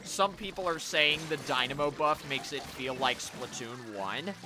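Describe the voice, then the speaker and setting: A man's voice: mid-range voice, unhurried, noisy background. A young man giving live gameplay commentary as a streamer, chatty, reacting to the game and talking to his chat.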